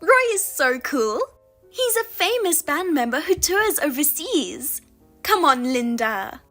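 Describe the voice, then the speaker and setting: A woman's voice: high voice, very animated, slow pace, fairly bright tone, soft background music, full character voice. A woman voicing a smug, spiteful younger sister in a story reading, taunting and gloating. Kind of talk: audio drama reading.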